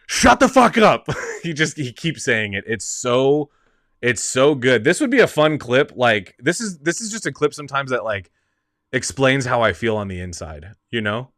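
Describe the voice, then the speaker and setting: Bright-voiced rambling male host. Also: mid-range voice, no room sound, studio quality. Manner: rambling, laughs a lot. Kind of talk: casual movie talk.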